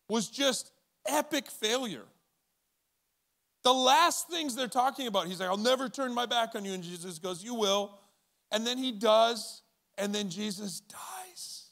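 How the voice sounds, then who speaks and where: A man delivers a sermon to his congregation with a loose, conversational energy, slipping into acted-out lines of dialogue. His voice sits fairly high for a man and moves between easy chatter and quieter, earnest stretches. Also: a little slow, creaky. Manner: conversational and animated, acting out quoted voices. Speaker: pastor. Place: church auditorium with audience.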